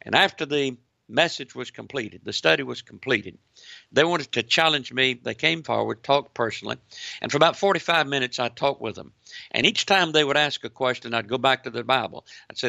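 A man, a pastor, preaching a sermon, repeating phrases for emphasis and often addressing the listeners as ladies and gentlemen. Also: medium pitch, brisk, gravelly, no echo, lo-fi sound.

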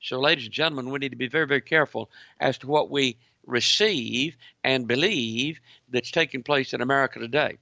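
A man giving an emphatic political commentary broadcast, hammering points through repetition and reading articles aloud in a gravelly voice. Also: medium pitch, a little fast, few pauses, pushed and bright, dry recording, highs cut off.

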